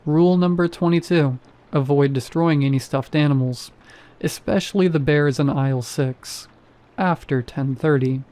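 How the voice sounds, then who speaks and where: A man doing a deadpan, bored security guard. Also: a little high, normal speed, close to an everyday voice. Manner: monotone and deadpan. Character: flat, bored, apathetic male security guard.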